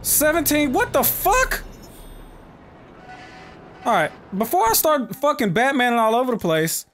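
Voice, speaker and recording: A man commentating his own gameplay, excitable and profane, often yelling at the game. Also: very high voice, unhurried, a little hiss or hum. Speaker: let's play host.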